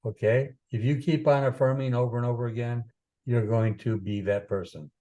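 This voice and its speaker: A man's voice: medium pitch, fairly even intonation, brisk, mellow. A man teaching astrology in an informal talk, rambling with many fillers and repeated phrases, sometimes taking on a preaching tone. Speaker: astrologer teaching chart interpretation.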